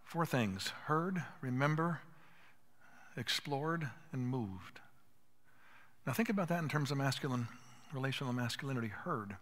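A man's voice: medium pitch, lively intonation, unhurried, long pauses, fairly bright tone. An older man giving an earnest teaching talk at a conference, emphatic and acting out bits of dialogue. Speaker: conference speaker. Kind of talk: teaching talk to a live audience. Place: conference hall. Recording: hall reverb.

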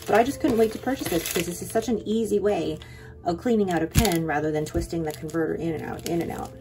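A young adult woman vlogging in a chatty, excited way, rambling with quick asides as she shows her haul. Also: lowish voice, background noise. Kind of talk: casual haul vlog.

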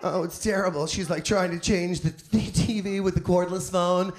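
On a comedy club stage, a stand-up comedian delivers a brash, profane, campy set, slipping into put-on voices. His voice is high-pitched and steady at a moderate pace. The echoey club recording carries audience noise and laughter.

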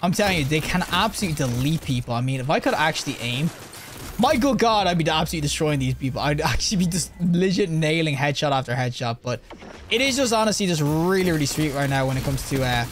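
A young man hosting a gaming video, giving live gameplay commentary and reacting excitably as he plays. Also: on the high side, quick pace, background noise. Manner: excitable, yelps and laughs mid-play.

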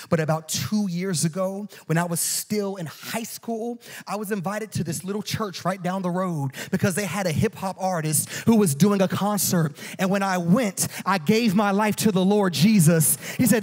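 A man preaching a storytelling sermon in a church, animated and joking. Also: high voice, normal speed. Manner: animated and joking, acts out quoted voices. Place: church auditorium.

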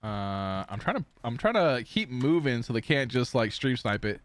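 A young man streaming a shooter game, giving live gameplay commentary with playful taunts and sudden excited yells. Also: medium pitch, normal speed, clear, resonant tone, no echo. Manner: excitable, taunting banter with bursts of yelling. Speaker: gaming streamer.

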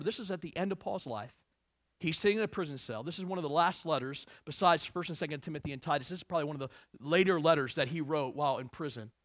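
Man preaching, high voice, bright and forceful, emphatic sermon, middle-aged. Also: no echo, studio quality. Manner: emphatic preaching with wide swings between hushed and raised delivery. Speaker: pastor.

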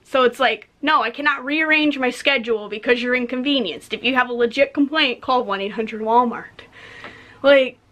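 A young woman vents in a casual vlog, blunt and exasperated, with a lot of "like" and the odd swear word. Her voice sits a little high and sounds bright and sharp. She is a cashier complaining about customers. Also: normal speed, slight background noise. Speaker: vlogger, retail cashier.

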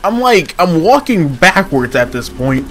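A young man streaming a horror game, excitable, yelping and pleading with the enemies. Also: fairly high pitch, a little slow. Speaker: gaming streamer. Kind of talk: let's play commentary. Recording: game music behind voice. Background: horror game music.

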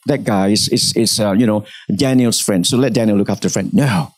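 A man preaching a sermon in church, telling a story with animated delivery and acting out the people in it. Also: lowish voice, brisk, no room sound. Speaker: pastor.

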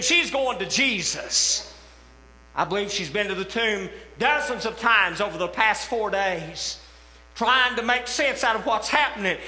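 Man, pastor, sermon, impassioned delivery rising to shouts, roomy echoing church recording. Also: sits high. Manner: impassioned preaching that swells to shouts. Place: church sanctuary. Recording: echoey church hall with long reverb.

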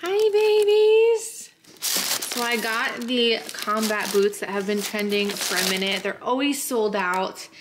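A woman's voice: medium pitch, fairly even intonation, unhurried, hardly any pauses, noisy background. Bubbly woman vlogger in an echoey room. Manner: bubbly, chatty, talks straight to camera. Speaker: beauty and lifestyle vlogger. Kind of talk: casual vlog chat. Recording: echoey room, faint ambience.

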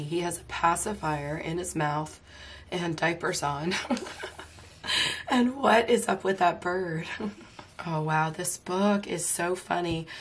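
Lady flipping thru books, keeps giggling, talks slow, voice a bit strained cuz she's sick. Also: low voice. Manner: giggly, laughs often, amused exclamations. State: voice strained, talking hurts while unwell. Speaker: coloring book reviewer. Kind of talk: casual flip-through commentary.

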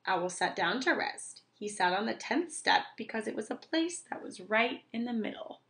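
Woman reader, children's read-aloud, clear and expressive, gentle pacing. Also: on the high side. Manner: slow, clear and expressive for young listeners.

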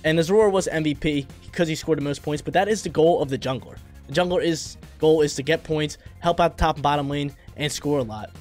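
A young man giving hyped, slangy commentary over his own gameplay as a gaming YouTuber, reacting quickly to each play. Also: a little high, darkish tone, soft background music. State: briefly coughing.

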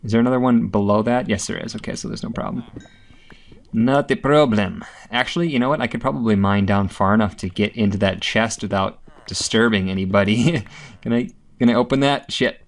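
Low-voiced man narrating his gameplay. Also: brisk, creaky. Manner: chatty, rambling, with frequent swearing and filler ums. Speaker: gameplay video host. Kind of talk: casual gameplay commentary.

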